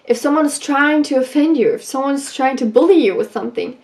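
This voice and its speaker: A woman vlogger giving advice in a casual, animated way, telling stories from her school days and acting out what people said. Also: sits high, fast. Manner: animated, acts out quoted lines. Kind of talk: casual storytelling advice vlog.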